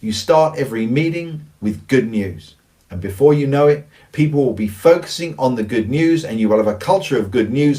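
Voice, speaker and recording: Recorded from a distance, a church leadership speaker with a mellow, mid-range voice presents a teaching on church and organizational culture. He comes across earnest and emphatic, returning again and again to his key phrases.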